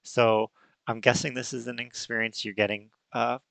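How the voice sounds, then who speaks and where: A male podcast host who is losing his voice, talking in a halting way with many restarts. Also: medium pitch, level tone, creaky, fairly bright tone, clear, resonant tone, dry recording. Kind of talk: casual unscripted chat.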